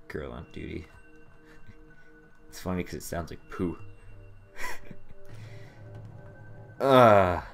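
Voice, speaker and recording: A man's voice: deep voice, big pitch swings, very slow, vocal fry, long pauses, soft background music. A young man giving casual gameplay commentary, exasperated and sarcastic, swearing at a puzzle he can't solve. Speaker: let's play commentator.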